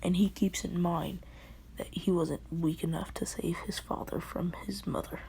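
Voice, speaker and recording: A woman casually telling a fan story, rambling and halting, often dropping to a half-whisper. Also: lowish voice, steady tone, creaky, mellow.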